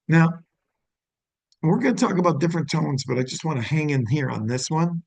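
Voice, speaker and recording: A man's voice: a little high, expressive, a little fast, creaky, darkish tone, no room sound, low-quality recording. A middle-aged man giving a sales training talk, often acting out upbeat phone greetings to show the right tone.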